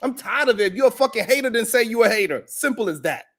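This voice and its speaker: A man's voice: very high voice, lively intonation, fast, fairly bright tone. A man hosting a live stream, ranting in heated, profane reaction commentary.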